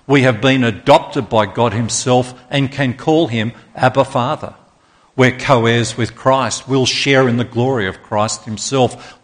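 A man's voice: mid-range voice, fairly bright tone. A man preaching a sermon, speaking with emphasis and leading the congregation in repeating phrases back. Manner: slow, emphatic, leads congregation in call-and-response.

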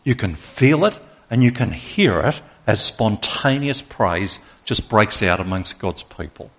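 A male preacher delivering a sermon at an unhurried, deliberate pace. He gives each declaration weight and calls the congregation to repeat key lines with him. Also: on the low side, lively intonation. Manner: slow, emphatic, leads congregation in call-and-response.

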